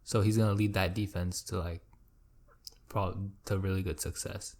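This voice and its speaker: A young man with a lowish voice talks football on a casual podcast with his friends. He jokes around, teases the others and swears freely. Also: fairly even intonation, moderate pace, darkish tone. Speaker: podcast co-host. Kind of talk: casual sports chat.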